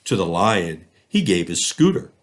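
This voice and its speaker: A man reading a children's storybook aloud, expressive and lively in his storytelling. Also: deep voice, measured pace. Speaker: school district reader.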